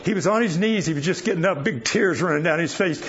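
High-voiced older man preaching folksy stories. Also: fast, slightly rough. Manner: folksy, chuckling, anecdotal. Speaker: guest preacher. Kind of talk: sermon with personal storytelling. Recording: dull lo-fi recording with faint noise.

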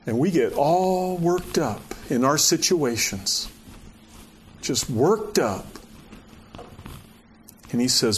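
Guy preaching, fairly high voice that swoops up and down a lot, keeps asking the crowd questions. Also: takes it slowly, long pauses, a little hiss or hum. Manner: animated, rhetorical questions, frequent "you know". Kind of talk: conversational sermon.

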